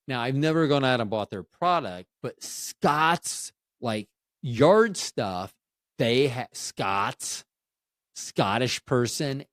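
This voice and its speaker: A man's voice: mid-range voice, no echo, studio quality. A man in his fifties from Florida, hosting a podcast in a rambling, self-interrupting, jokey solo chat. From Tampa Bay, Florida, USA. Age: 50s. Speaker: podcast host.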